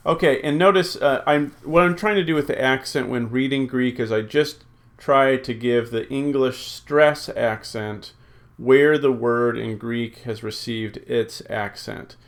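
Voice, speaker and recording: In a recorded classroom lecture, a man with a mid-range voice teaches Greek, slowly drilling word forms, reading rules aloud, and thinking out loud with many ums and uhs.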